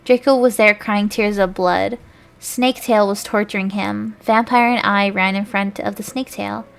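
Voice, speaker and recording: A woman's voice: medium pitch, fairly even intonation, moderate pace, vocal fry, smooth. A woman streamer reading fanfiction aloud, giggling and stumbling over the words.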